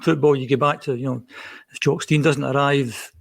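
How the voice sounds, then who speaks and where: A man co-hosting a casual podcast chat, giving measured, reflective thoughts. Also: mid-range voice, fairly even intonation, gravelly. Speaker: podcast co-host.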